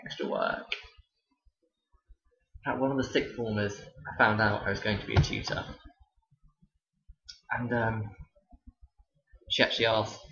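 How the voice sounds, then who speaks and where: Young male teacher, wry sarcastic storyteller, lowish pitch, roomy lo-fi recording. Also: steady tone, unhurried, gravelly, pauses often, bright, forceful tone. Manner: dry, sarcastic delivery. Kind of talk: casual storytelling to camera. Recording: roomy, dull lo-fi sound.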